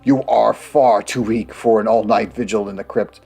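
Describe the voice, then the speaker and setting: Man reading as a noble father, stern, lowish voice, faint music behind. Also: steady tone, moderate pace, vocal fry, darkish tone, husky. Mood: pleading. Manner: plain read-aloud delivery.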